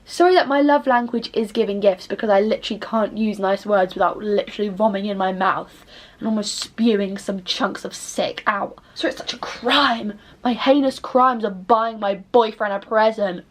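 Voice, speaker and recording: A woman's voice: medium pitch, normal speed. A young woman talking straight to camera in a casual vlog, rambling candidly between topics with sardonic asides and plenty of swearing. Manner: animated, jumps between topics. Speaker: vlogger.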